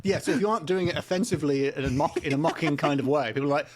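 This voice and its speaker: A man calling in remotely as a podcast guest, teasing with a dry, deadpan wit. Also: fairly high pitch, very fast. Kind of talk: casual chat. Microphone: remote call mic.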